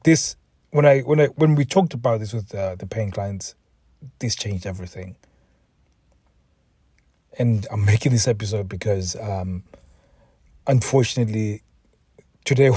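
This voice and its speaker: A man's voice: fairly low pitch, normal speed, pauses often, warm tone, slightly rough, dry recording, clean studio sound. A man hosting a solo podcast and talking earnestly. He sounds emotionally drained and often repeats words and restarts sentences. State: mentally exhausted, emotional. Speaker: podcast host, relationship coach.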